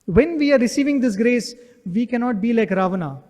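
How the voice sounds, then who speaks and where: A man's voice: extremely high pitch, expressive, fairly quick, a little mellow. A man giving an earnest devotional talk, telling stories and often asking "right?" to his listeners. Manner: earnest storytelling, frequent rhetorical "right?". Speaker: devotional speaker. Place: devotional center hall. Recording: echoey hall with long reverb.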